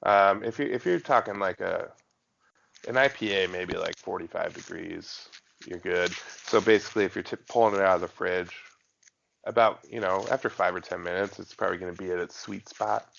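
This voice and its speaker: A man with a very low, gravelly voice chatting casually as a podcast co-host, circling his point with fillers and false starts. The recording sounds a little dull and lo-fi. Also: normal speed, a bit bright, a little hiss or hum. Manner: rambling, many fillers and restarts. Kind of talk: casual chat.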